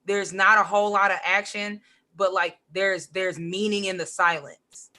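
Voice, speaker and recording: Bright, animated woman guest. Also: medium pitch, normal speed. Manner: animated, says "like" a lot, acts out quotes. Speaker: podcast guest, comic writer and poet. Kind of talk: casual chat.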